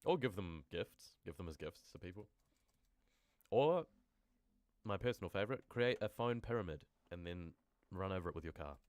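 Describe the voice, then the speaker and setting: A man's voice: low-pitched, expressive, a little fast, hardly any pauses, dry recording, studio quality. A man reading true horror stories on a live stream and chatting casually with viewers between passages. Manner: casual, rambling asides to chat. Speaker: horror story narrator and streamer.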